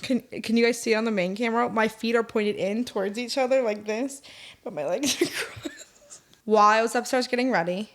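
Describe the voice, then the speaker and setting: A woman's voice: a little high, normal speed. A woman co-hosting a podcast, chatting casually and telling candid stories. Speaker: podcast co-host. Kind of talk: casual chat.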